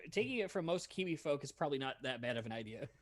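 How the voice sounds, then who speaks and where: A man's voice: mid-range voice, animated, rapid-fire. A man co-hosting a casual podcast over beers, telling rambling, self-deprecating stories. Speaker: podcast co-host.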